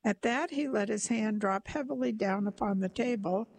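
A woman narrating a literary short story aloud in a slow, measured, softly dramatic way. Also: mid-range voice, vocal fry, low-quality recording.

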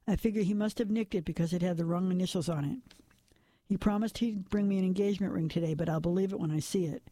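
A man's voice: sits high, fast talker, warm tone, no room sound. Man voicing a young pregnant barmaid. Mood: tense, defiant.

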